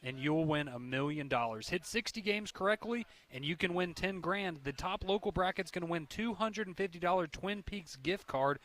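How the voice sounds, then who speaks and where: A man hosting a radio talk show, relaxed and agreeable. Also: high-pitched, normal speed, hardly any pauses. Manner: relaxed, agreeable, reads promos. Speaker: radio host. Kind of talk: casual sports radio chat.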